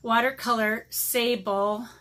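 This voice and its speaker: This middle-aged watercolor vlogger's voice is on the high side, steady, bright, and forceful, and she takes her time. As she unboxes art supplies she chats casually and rambles with many ums, a bit out of breath.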